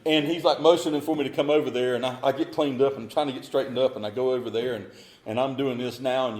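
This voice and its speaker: A middle-aged man, telling his story as a speaker at a recovery meeting in a folksy, animated way. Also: medium pitch, fast talker, echoey room.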